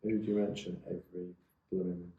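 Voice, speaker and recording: A man's voice: low-pitched, level tone, fairly quick, narrow, tinny audio. A man, co-hosting a podcast in a chatty, teasing, rambling way. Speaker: podcast co-host. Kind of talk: casual chat. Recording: echoey room.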